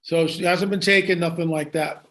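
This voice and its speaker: A man speaks high in his register as he recounts a story for an interviewer. He talks excitedly, doubling back and restarting his sentences as he goes. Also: moderate pace. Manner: excited, with frequent restarts and asides. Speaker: guest.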